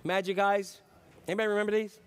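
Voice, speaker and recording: A middle-aged pastor with a high voice preaching in a church. He talks in a loose, chatty way, piles up rhetorical questions and drifts into asides to the congregation. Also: little pitch movement, quick pace, clean tone. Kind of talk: sermon.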